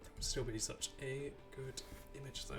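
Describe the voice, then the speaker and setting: A man in an easygoing gameplay stream, his pitch sitting right in the middle. He rambles along and chats with the characters on screen. Game music plays clearly underneath him. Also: steady tone, moderate pace. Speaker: streamer playing a video game. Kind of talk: casual live gameplay commentary.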